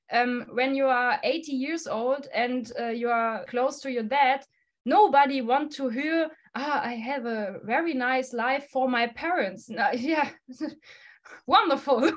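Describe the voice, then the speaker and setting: Emphatic laughing woman guest. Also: high-pitched. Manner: emphatic, laughs often, blunt swearing; non-native English phrasing. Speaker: guest musician. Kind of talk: podcast interview answer.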